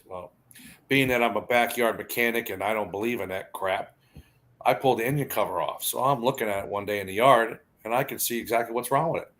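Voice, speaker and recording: A man's voice: fairly low pitch, a little fast, fairly bright tone. A man telling rambling anecdotes in casual chat, laughing often and restarting his sentences.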